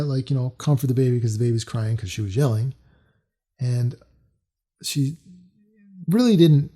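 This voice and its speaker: Man, casual storytelling, mellow dark tone, rambling with fillers, middle-aged. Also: medium pitch, slightly rough. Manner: rambling, many fillers and restarts.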